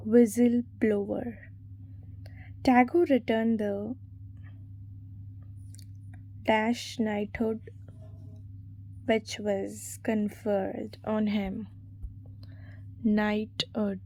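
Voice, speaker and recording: A woman's voice: mid-range voice, mellow, dry recording. A woman reading exam quiz questions and answers aloud, spelling words out letter by letter. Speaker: exam revision narrator.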